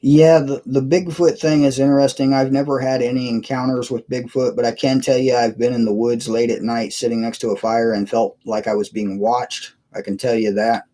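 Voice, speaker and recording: A man chatting casually on a live stream from his computer, his voice warm and mellow at a middling pitch. He wanders from story to story, chuckling and reading out viewers' messages. The sound comes through a cheap webcam mic. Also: little pitch movement, moderate pace, hardly any pauses. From United States. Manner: rambling, chuckling, reads chat aloud.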